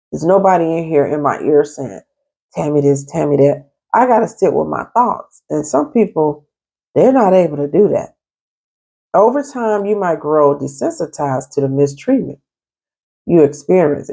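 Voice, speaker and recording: A woman's voice: low voice, gravelly, mellow, breathy edge. A woman who works as a therapist and life coach, talking straight to her viewers at home in a stern, emphatic way. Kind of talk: casual advice vlog. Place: at home in an apartment.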